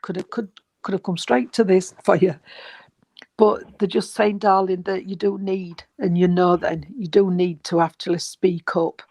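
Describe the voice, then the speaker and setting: A spiritualist medium giving a gentle, reassuring reading, rambling and repeating, with many fillers. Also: mid-range voice, steady tone, normal speed, gravelly, dry recording, low-quality recording. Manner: gentle, reassuring, calls the sitter sweetheart and darling. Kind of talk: mediumship reading at an online service.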